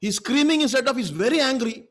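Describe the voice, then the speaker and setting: A man's voice: very high-pitched, lively intonation, fast talker, a bit bright. A man preaching a sermon as pastor, emphatic and repetitive, often checking in with the congregation through rhetorical questions.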